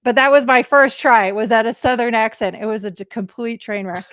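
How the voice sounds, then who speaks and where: Bubbly woman with a clear, dry voice. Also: fairly high pitch, fairly bright tone, no room sound. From England. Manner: bubbly, laughs often, quick affirmations. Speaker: foundation board president, co-host. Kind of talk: casual livestream chat.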